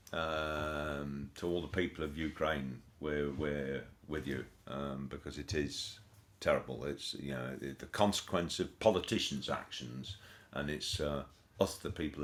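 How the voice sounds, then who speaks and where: A man's voice: rumbling low, fairly even intonation, a little slow, hardly any pauses, a bit bright. A man co-hosting a podcast in casual chat, talking in a rambling, hesitant way with wry jokes. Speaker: podcast co-host.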